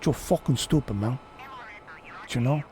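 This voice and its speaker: A man's voice: medium pitch, normal speed, mellow, a little hiss or hum, close to an everyday voice. A man putting on a hot-headed, swaggering gangster who curses and snaps aggressively.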